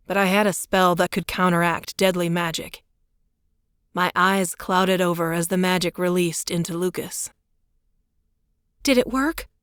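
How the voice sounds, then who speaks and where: A woman narrating a first-person romance audiobook in a measured, intimate way on a close studio mic. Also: on the low side, clear, resonant tone, dry recording.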